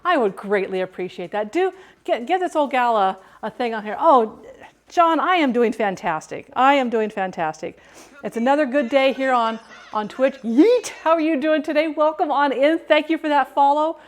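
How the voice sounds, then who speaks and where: A bubbly woman talks through a recipe live from her home kitchen, her voice sitting a little high. She greets her viewers by name with bursts of excitement and often trips over her words before restarting. The sound comes close and direct from a clip-on mic. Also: moderate pace. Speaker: food and drink streamer. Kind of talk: live cooking stream chat.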